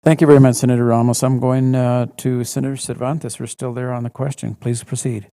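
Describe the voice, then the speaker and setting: Brisk gravelly male chairman. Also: medium pitch, little pitch movement, warm tone. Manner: brisk procedural. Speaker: presiding chairman. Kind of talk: chairing a session.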